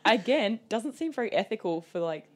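A woman's voice: mid-range voice, brisk. A woman co-hosting a podcast, telling a story in casual chat, laughing often and leaning on "like". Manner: animated storytelling, lots of "like" and laughter. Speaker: podcast co-host.

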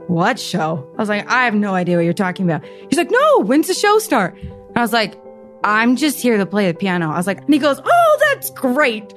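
A young woman telling a story in an interview, lively and animated, acting out the voices of the people she quotes. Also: a little high. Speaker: pianist and volunteer.

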